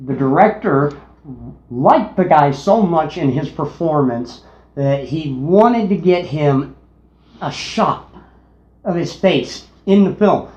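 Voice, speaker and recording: A man co-hosting a casual movie review, unhurried, sharing trivia. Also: on the high side, lively intonation, a little mellow. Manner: unhurried, shares trivia tidbits. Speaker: podcast co-host. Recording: echoey room, dull lo-fi sound.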